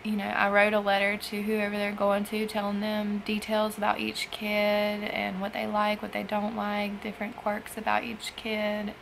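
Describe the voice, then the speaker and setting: A young woman speaks in a personal vlog, emotional after a night of crying, her sentences halting and trailing off into sighs. Her voice has a gravelly fry and stays fairly level in pitch. A faint hiss sits under the recording. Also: monotone, rough recording. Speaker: foster parent vlogger.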